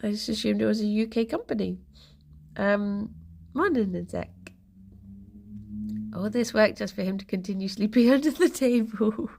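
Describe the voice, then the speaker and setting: Giggly woman with vocal fry. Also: medium pitch, moderate pace, pauses often, a little mellow. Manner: chatty and rambling, giggles often, reads chat aloud. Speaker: live streamer. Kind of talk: casual live-stream chat.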